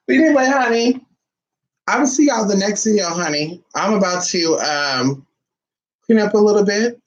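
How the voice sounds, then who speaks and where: A woman talking casually to her viewers in a sassy, profane monologue, full of drawn-out teasing asides. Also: fairly low pitch, noisy background. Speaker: spiritual vlogger.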